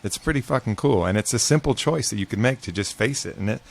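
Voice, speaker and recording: A man's voice: mid-range voice, expressive, quick pace, creaky. A man as a podcast guest, talking casually and earnestly about facing fear, with some swearing. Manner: earnest, reflective, profane. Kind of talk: casual conversation.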